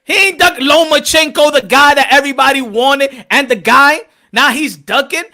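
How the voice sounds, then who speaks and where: A man's voice: very high-pitched, moderate pace. Profane, fired-up male boxing ranter. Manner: heated, profane, animated ranting with repeated phrases. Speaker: boxing commentator. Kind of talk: ranting talk show.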